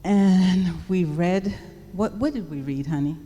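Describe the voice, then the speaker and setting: A woman from England tells her story to a congregation in a chatty way. Her voice is low and mellow. The long reverb of a large hall carries it, with a faint hiss beneath. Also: measured pace. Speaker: pastor's wife. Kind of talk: personal testimony to a church audience.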